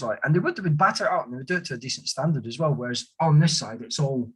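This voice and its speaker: A husky man, his pitch in a plain middle range, chatting casually. He tells relaxed stories and keeps calling his friend mate. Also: racing, hardly any pauses. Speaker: guest, army veteran. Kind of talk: casual chat.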